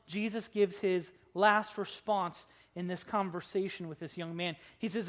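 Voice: steady tone, measured pace, few pauses. Dramatic, joking preacher in a church. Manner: dramatic, swinging between loud emphasis and hushed low lines; humorous asides. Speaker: pastor. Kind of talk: expository sermon. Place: church before a congregation.

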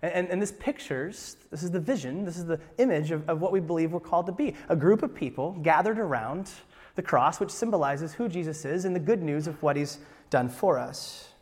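A man preaching a sermon as pastor, animated and talking with his hands. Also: a little high, a little fast. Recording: long hall reverb.

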